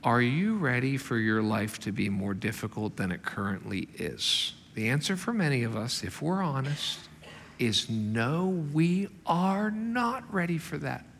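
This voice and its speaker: A man preaching a sermon as a pastor, animated and emphatic, acting out the quotes he tells. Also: mid-range voice, a little slow, gravelly, a little hiss or hum. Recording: long hall reverb.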